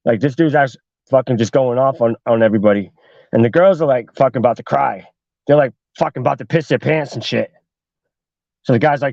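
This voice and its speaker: A man's voice: medium pitch, brisk, gravelly, darkish tone, no room sound, lo-fi sound. A man hosting a podcast, telling a horror story casually with heavy swearing and lots of "like". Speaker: podcast host.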